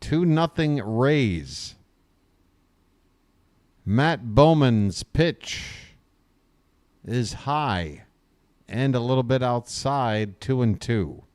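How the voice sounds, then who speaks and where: A man's voice: mid-range voice, lively intonation, very slow, pauses often, darkish tone, no room sound. A man calling a baseball game live as a fan host, folksy and joking, talking to viewers as folks. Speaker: play-by-play host. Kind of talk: live fan play-by-play commentary.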